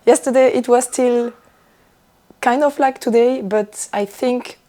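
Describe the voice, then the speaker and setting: Hoarse young woman with a lost voice. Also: on the high side, fairly even intonation, measured pace, warm tone. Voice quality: rough, broken voice. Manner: laughs often, chatty and self-mocking. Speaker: knitting vlogger. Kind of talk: casual chat to camera.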